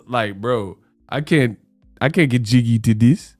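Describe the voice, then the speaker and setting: A man hosts a live boxing chat, talking in loose slang with plenty of jokes. His voice sits at a middle pitch and is recorded close and dry. Faint music plays quietly underneath. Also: takes it slowly, no echo. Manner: joking, slangy, puts on mock British voices. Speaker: host. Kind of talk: casual livestream chat.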